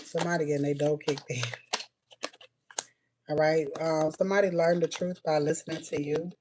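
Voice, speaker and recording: A woman's voice: low-pitched, steady tone, normal speed, noisy background. A woman doing a casual spiritual reading for viewers, tossing out short blunt messages, saying "all right" a lot and cursing freely. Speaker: spiritual reader.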